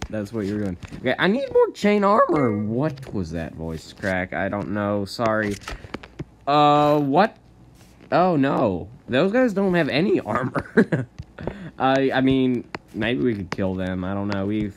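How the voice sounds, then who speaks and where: A man giving casual, rambling commentary over his own gameplay, often laughing and jumping to high yelps. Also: a little hiss or hum. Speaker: gaming channel host.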